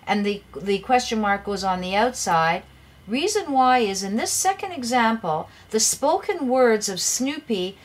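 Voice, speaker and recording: A woman teaching an English grammar lesson, patiently explaining rules and reading example sentences aloud with emphasis. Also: mid-range voice.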